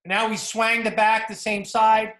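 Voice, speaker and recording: A football coach with a New Jersey accent gives a clinic talk over game film, his coaching style energetic and repetitive. His voice is high and his pace measured, and the recording has a roomy echo.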